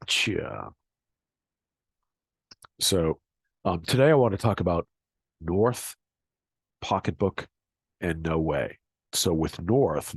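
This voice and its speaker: A man giving a casual spoken lesson on pronunciation, halting and restarting often, slowly demonstrating sounds. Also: extremely low pitch, breathy edge, no echo. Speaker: accent teacher.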